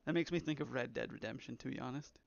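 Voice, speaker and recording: A man's voice: medium pitch, fast, creaky, no room sound. A young man who develops games, chatting casually on a live stream, rambling and reading chat aloud. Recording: slightly dull, lo-fi stream audio.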